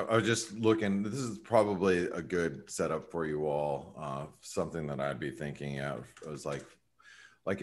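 A man's voice: extremely low pitch, slight background noise. A man hosting a trading webinar, chatting loosely about currencies with lots of fillers and restarts. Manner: rambling, many fillers, jumps in loudly. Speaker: webinar host, trader. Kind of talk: casual market commentary.

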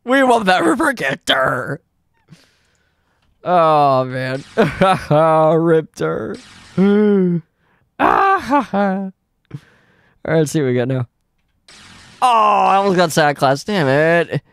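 A young man giving excited, swearing live commentary on computer fights, laughing often and tripping over his words. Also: on the high side, slow, creaky, long pauses, clean tone, no room sound. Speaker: gaming video host.

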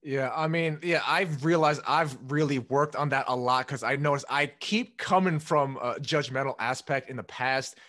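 A woman's voice: a bass voice, moderate pace, few pauses, a bit bright. A woman hosting a podcast, agreeing with her guest and sharing her own experience. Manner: brief agreeing backchannels. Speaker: podcast host. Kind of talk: conversational podcast interview.

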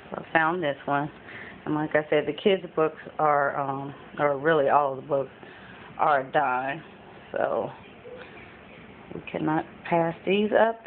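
A woman vlogging at home as a mom, chatting casually through a thrift haul with frequent ums. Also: deep voice. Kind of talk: casual show-and-tell chat. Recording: phone-like lo-fi with faint background noise.

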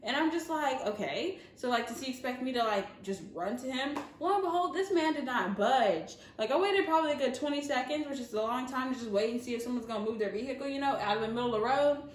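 A young woman with a Southern American accent, telling a casual storytime vlog in an animated way, laughing and using many fillers. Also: high-pitched, fast talker, few pauses, a little hiss or hum. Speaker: vlogger. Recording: echoey room.

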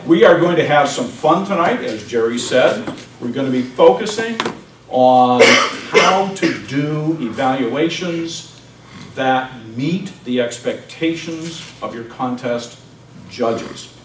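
A man's voice: mid-range voice, lively intonation, slow pace. A man who is a club president, making playful jokes as he introduces a seminar evening. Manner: playful, jokey. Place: meeting room at a college. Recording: echoey room, distant mic, noisy.

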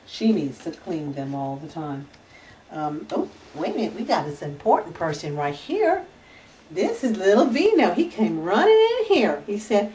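A chatty, doting woman with a slightly low voice gives a casual home video tour, full of fillers and restarts. She sounds a bit off-mic, with dull, muffled camera audio and a faint hiss of room ambience behind her. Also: big pitch swings, moderate pace, mellow, far from the mic. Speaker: dog breeder. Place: indoors at home with puppies. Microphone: camera held by a helper.

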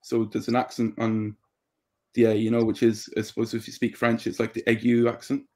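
Irish man from Drogheda explaining calmly. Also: medium pitch, a little fast. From Ireland. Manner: thoughtful, explains at length with many ums. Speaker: podcast guest. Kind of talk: casual interview chat.

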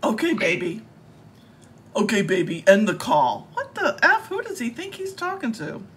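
A woman's voice: on the high side, huge pitch swings, moderate pace, slightly rough. A woman live-streaming while baiting a scammer, talking in a teasing, theatrical and playful way. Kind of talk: casual live-stream talk.

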